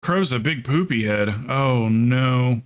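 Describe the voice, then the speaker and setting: A man's voice: medium pitch, takes it slowly, clean tone. A man streaming a game, chatting casually, rambling and cursing, with lots of laughs and mimicry. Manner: rambling and profane, with frequent laughs; animated, mimics others in quotes. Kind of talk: casual livestream chat while gaming.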